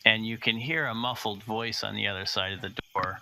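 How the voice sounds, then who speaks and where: A man narrating a tabletop game as game master and explaining the rules, halting with many fillers and restarts. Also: on the low side, steady tone, gravelly, bright, forceful tone, a little hiss or hum, low-quality recording.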